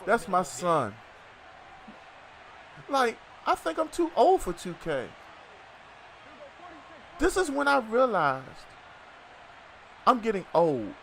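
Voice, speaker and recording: High-voiced man chatting on a game stream. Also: huge pitch swings, slow pace, vocal fry, pauses often, fairly bright tone, a little hiss or hum. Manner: loose, joking, chatty with viewers. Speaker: gaming streamer. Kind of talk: casual live-stream chat while playing.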